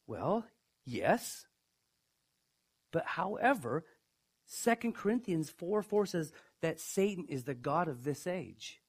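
Emphatic male preacher with big swings. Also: slightly rough. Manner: emphatic, dramatic swings in pitch and loudness; asks the audience questions. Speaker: pastor. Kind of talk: sermon.

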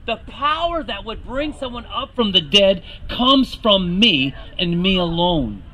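A man's voice: sits high, big pitch swings, measured pace, few pauses, bright, forceful tone, a little hiss or hum, rough recording. A man preaching a sermon, earnest and rising to emphatic questions to the congregation.

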